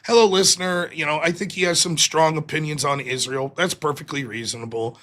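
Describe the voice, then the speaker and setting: A man hosting a live call-in stream, talking casually and animatedly, often sounding exasperated and mocking. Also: fairly high pitch. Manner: animated, exasperated, quick to mock. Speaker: livestream host.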